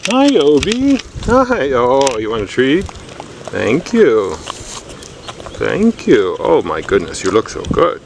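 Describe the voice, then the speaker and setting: A man's voice: mid-range voice, huge pitch swings, slow pace. A man helping at a dog training session, greeting the dogs with sweet, gushing baby talk outdoors. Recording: outdoor recording with clear background noise.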